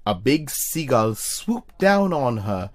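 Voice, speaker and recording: A narrator reading a children's storybook aloud in an expressive way. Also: takes it slowly. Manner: expressive, puts on high squeaky voices for characters. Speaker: storybook reader for young children.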